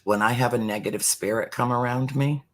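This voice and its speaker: Middle-aged guy in a heartfelt spiritual chat, slow and emphatic, drops almost to a whisper sometimes, mid-range voice. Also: medium pitch, fairly even intonation. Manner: slow, deliberate and emphatic, dropping to near-whispers.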